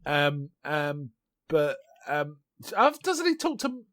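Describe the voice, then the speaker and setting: A man, co-hosting a casual film podcast and retelling scenes with quick voiced quotes. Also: on the high side, sing-song, a bit bright, dry recording, studio quality. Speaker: podcast co-host. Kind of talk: casual film-recap chat.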